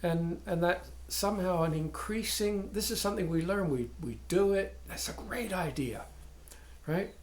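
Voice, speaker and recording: An older man, a dharma teacher, giving a contemplative talk in halting, searching phrases with frequent asides. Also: high-pitched, darkish tone, reverberant.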